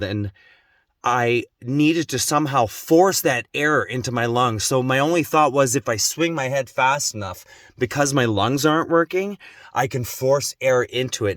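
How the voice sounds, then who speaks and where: An adult man telling a personal story in an emotional, intense way, growing slow and quiet at its gravest. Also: mid-range voice, no echo, studio quality. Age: adult, has children. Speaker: vlogger.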